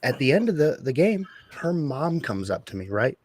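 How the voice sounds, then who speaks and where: A man's voice: medium pitch, sing-song, normal speed, no room sound. A man co-hosting a casual podcast chat, telling a story bluntly and with plenty of swearing. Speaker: podcast co-host.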